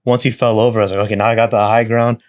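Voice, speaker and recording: A young man co-hosting a podcast, telling stories in casual chat, animated, with frequent swearing and laughter. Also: fairly low pitch, very fast. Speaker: podcast co-host.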